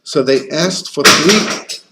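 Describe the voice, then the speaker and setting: A man, a rabbi, giving a Torah class in an animated storytelling manner with frequent restarts. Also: fairly high pitch, takes it slowly, very noisy.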